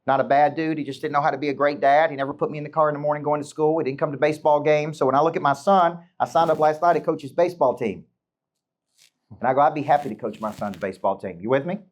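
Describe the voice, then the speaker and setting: Punchy middle-aged coach firing questions. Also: male voice, fairly high pitch, fairly even intonation, fast. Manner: punchy, fires rhetorical questions at the crowd. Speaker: business coach. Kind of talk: motivational talk to a live audience.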